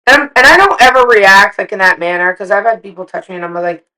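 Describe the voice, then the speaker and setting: A middle-aged woman co-hosting a casual chat, telling animated, profane stories and acting out what people said. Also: mid-range voice, quick pace, rough recording. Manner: animated, profane storytelling with acted-out quotes. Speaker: podcast co-host.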